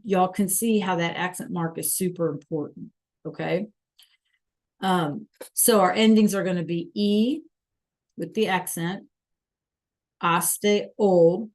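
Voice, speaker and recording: A woman teaching a live online Spanish class, patiently coaxing students and repeating verb endings. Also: medium pitch.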